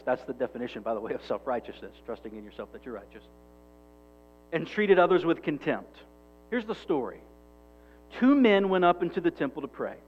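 Man preaching emphatically, lo-fi. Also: fairly high pitch. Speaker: pastor. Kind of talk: sermon.

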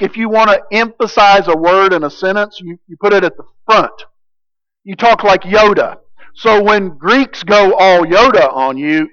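Preacher, male, high voice, deliberate delivery, builds from quiet to loud points, dull lo-fi sound. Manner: emphatic, swings from hushed to loud. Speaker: pastor. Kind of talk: sermon.

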